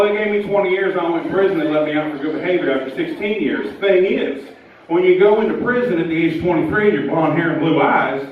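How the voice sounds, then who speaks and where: Brief: male comic, deadpan storyteller, high voice, dull live-club sound. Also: a little hiss or hum. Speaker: stand-up comedian. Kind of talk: stand-up set. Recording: echoey club from far off, dull.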